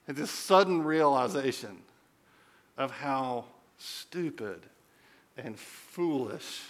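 A man's voice: medium pitch, fairly bright tone. A man preaching a sermon as a pastor, telling stories in a conversational way and asking the listeners questions.

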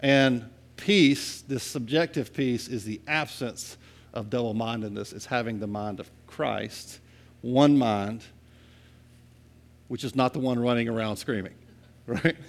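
A man preaching a sermon in a conversational way, often checking in with the listeners and moving between quiet and loud passages. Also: mid-range voice, a little slow. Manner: conversational, asks "right?" often, swings from soft to loud. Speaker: pastor.

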